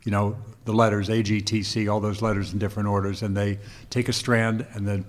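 A man's voice: on the low side, little pitch movement, brisk. A man from Long Island co-hosting a casual chat, explaining things at length and often reaching for metaphors. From Long Island, New York. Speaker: co-host.

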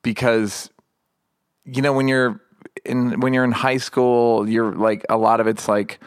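A middle-aged man, a comedian talking candidly in an interview, rambling and halting with self-deprecating asides. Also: mid-range voice, level tone, clean tone, no echo, studio quality.

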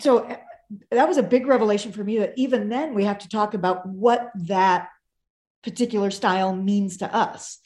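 A woman calling in over a video call, telling a personal story about her relationship in an animated way. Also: mid-range voice, moderate pace. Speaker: caller.

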